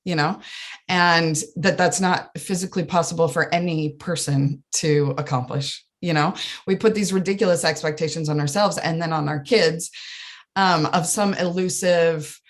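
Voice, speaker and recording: A woman life coach talks as a podcast guest in a lowish voice. She is earnest and animated, and she laughs often as she explains. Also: normal speed. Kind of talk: casual interview chat.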